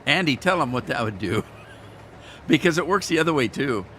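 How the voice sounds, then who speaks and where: Male gaming streamer, folksy and rambling, scratchy throat he keeps clearing, casual live chat. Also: mid-range voice, very animated, moderate pace, a bit bright. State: throat irritated, clearing throat often. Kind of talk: casual chat to live viewers while playing.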